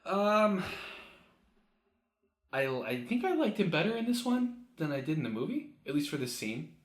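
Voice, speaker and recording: A man's voice: a little high, sing-song, normal speed. A man co-hosting a podcast, recapping an episode in casual, joking chat and acting out lines as he goes. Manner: joking, acts out characters' lines while recapping. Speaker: podcast co-host. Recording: roomy echoey recording.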